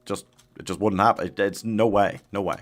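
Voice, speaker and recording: A man's voice: fairly low pitch, steady tone, brisk, faint music behind. A man streaming a game live, chatting casually with his chat, laughing often and yelping when danger appears. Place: home streaming setup.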